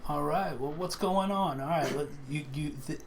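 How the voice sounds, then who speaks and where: A man co-hosting a live stream, relaxed and reassuring as he hands the floor to a caller. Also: a little high, normal speed, slight background noise. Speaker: co-host. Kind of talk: live stream casual chat.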